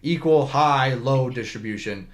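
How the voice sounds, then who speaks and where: A man with a mid-range voice, speaking a little slowly, hosts a volleyball talk podcast. His casual chat is joking and rambling, with frequent restarts.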